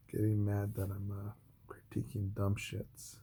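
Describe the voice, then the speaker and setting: Blunt, profane male vlogger; gravelly, low, sarcastic rant. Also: fairly even intonation, a little fast, mellow, a little hiss or hum. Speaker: art video creator. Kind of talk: ranting talk to camera.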